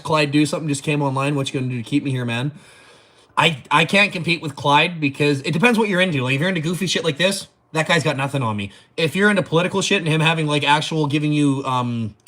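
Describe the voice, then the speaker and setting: A man's voice: fairly high pitch, a bit bright. A man hosting a casual livestream, joking crudely, laughing often and reading viewer comments. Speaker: livestream host.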